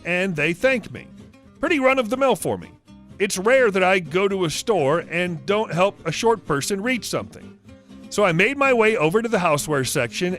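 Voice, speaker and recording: A man reading online stories aloud, with chatty asides between them. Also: high voice. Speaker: story narrator. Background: soft guitar music.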